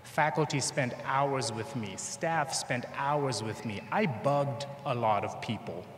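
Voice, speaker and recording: A man's voice: mid-range voice, slow pace. A man with a Zambian accent delivers a motivational speech, acting out conversations with humor. His voice rings through a large hall with a long reverb tail. Faint background noise sits underneath. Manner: storytelling, acts out dialogue with humor. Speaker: commencement speaker.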